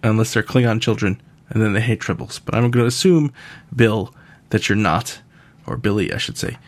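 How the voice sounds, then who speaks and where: Dry-humored American man, gravelly voice. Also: fairly low pitch, moderate pace, no room sound. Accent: General American. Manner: dry, joking asides. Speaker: podcast host answering listener questions. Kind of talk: casual listener Q&A.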